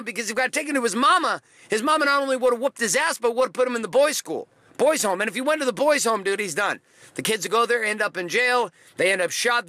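A man with a high, bright, forceful voice gives a blunt motivational monologue. He drives his points home with repeated phrases. The recording is dry and close. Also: no room sound.

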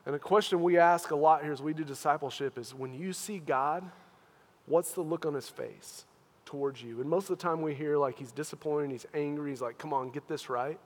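A man preaching in an earnest, questioning way, his voice pitched high for a man. He drops to a hush, then pushes loud again, and long reverb trails behind each phrase as in a big church hall. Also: brisk. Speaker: pastor. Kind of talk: sermon.

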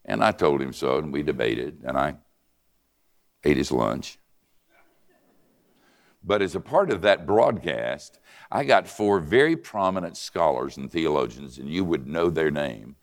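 An older man preaching a sermon and telling a story in an animated, conversational way. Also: very deep voice, measured pace, long pauses. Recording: reverberant hall.

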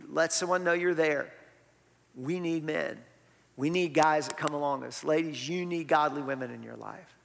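A man's voice: a little high, normal speed, vocal fry. A man, preaching a sermon in a conversational way and tossing rhetorical questions to the congregation. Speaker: pastor. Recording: long reverb of a church hall.

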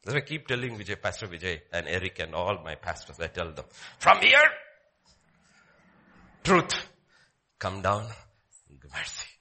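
A male pastor, preaching a sermon and swinging between loud declaiming and hushed pleading. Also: deep voice, big pitch swings, moderate pace, long pauses.

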